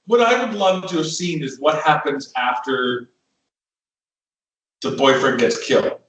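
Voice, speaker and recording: A man's voice: a little high, very animated, measured pace, fairly bright tone. A man co-hosting a movie podcast, wry and joking in casual chat. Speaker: podcast co-host. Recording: echoey room, distant mic.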